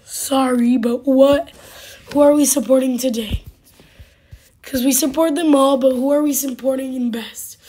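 A woman with a hoarse voice hosting casual gameplay commentary, halting and full of fillers, now and then dropping to a whisper. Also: sits high, steady tone, warm tone, slight background noise. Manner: halting, with many fillers and sudden drops to a whisper. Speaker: gaming channel host.

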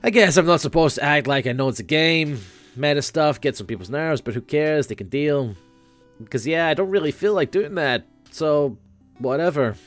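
A man voicing a laid-back, rambling floating teenage boy who acts as a self-aware game guide, a bit higher and louder than his own voice. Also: normal speed, soft background music, lightly acted.

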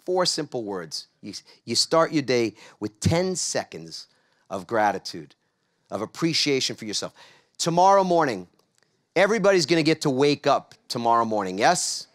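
A man's voice: medium pitch, very animated, normal speed. A middle-aged man from New York giving a motivational conference talk on a large stage, drawing the audience in with call-and-response questions. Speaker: keynote speaker.

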